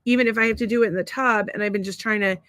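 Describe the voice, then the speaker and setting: A woman's voice: mid-range voice, fairly even intonation, very fast, fairly bright tone, dry recording. A middle-aged woman co-hosting a casual podcast, reading out listener comments and rambling with many restarts. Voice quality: rambling, frequent restarts, laughs often. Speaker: podcast co-host.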